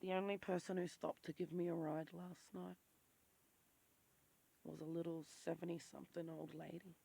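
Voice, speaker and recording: A woman's voice: on the low side, little pitch movement, moderate pace, vocal fry, mellow, slightly rough. A woman talking in a raw, emotional confessional vlog and swearing freely. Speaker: vlogger.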